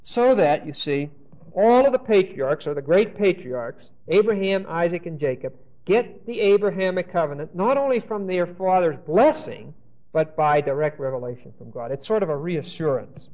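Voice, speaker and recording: Male Bible teacher with a high voice, lecturing a class and reading scripture aloud, on a dull lo-fi recording. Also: lively intonation, normal speed. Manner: checks in with the class, asking questions and saying "okay?"; reads scripture aloud and explains it.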